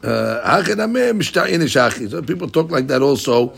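Speaking a little fast in a medium-pitched, creaky, slightly rough voice, a man teaches Talmud with animation. He explains the passage and plays out each side of the debate in quotes.

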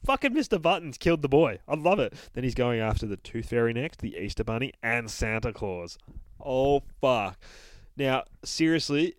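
A man's voice: mid-range voice, very animated, moderate pace, no room sound. A man hosting a podcast, casually recapping a comic book in a profane, rambling, enthusiastic way. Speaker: podcast host reviewing a comic.

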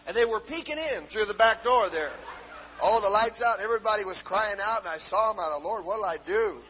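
A fervent male preacher with a high, sharp-edged voice, punctuating his sermon with hallelujahs and "uh" fillers and climbing into shouts. The recording is a dull, lo-fi 1970s tape with a faint hiss behind him. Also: lively intonation, brisk. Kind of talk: fiery Pentecostal sermon.

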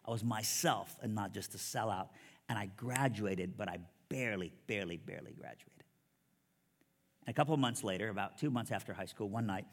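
A man preaching his testimony as a sermon, telling his story with lively quoted dialogue. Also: on the low side, big-room sound.

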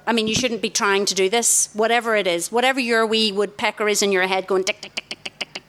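A middle-aged woman, giving a lively, direct sermon to a tent of girls. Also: mid-range voice, fast talker. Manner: lively, direct, warmly emphatic. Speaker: youth speaker. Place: large tent.

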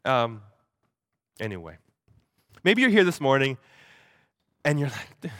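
A man's voice: medium pitch, sing-song, fairly bright tone, no room sound, studio quality. A young man tells a story to a church audience, stumbling over repeated words and acting out the voices of the people he quotes. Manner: halting, many repeated words; acts out quoted voices animatedly. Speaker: speaker at a church gathering. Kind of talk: storytelling talk.

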